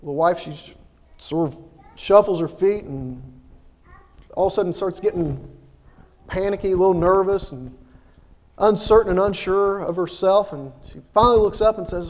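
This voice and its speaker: Hesitant preacher with a high voice. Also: male voice, in a large hall. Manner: halting, many fillers and repeated words. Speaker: minister. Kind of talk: sermon.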